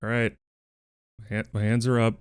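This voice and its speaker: A man's voice: fairly low pitch, completely flat delivery, moderate pace, clean tone, dry recording. A male streamer in casual livestream chat, playful and casually swearing, cooing at his pets while he talks to viewers on a close desk mic.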